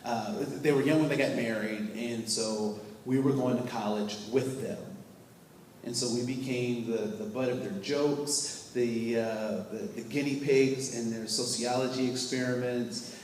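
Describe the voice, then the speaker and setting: A man's voice: mid-range voice, steady tone, a little slow, darkish tone, a little hiss or hum. Man telling stories in an echoey hall. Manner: storytelling, asks the audience questions, acts out scenes. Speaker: workplace trainer. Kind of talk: live training talk to a group. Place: training room with a live audience. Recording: echoey hall, mic far off.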